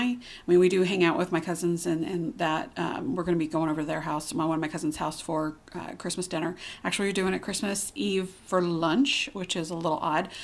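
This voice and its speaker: A woman's voice: on the low side, creaky. A woman hosting her own cross stitch channel, chatting casually from home in a candid, rambling way, full of ums and restarts. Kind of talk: casual rambling vlog chat. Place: at home, cat nearby.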